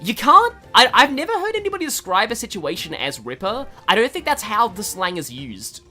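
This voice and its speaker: Australian man, casual game commentary, rambling, animated pitch, bright tone, faint game music. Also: fairly quick. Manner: rambling, chatty, laughs often, many fillers. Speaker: gaming video host.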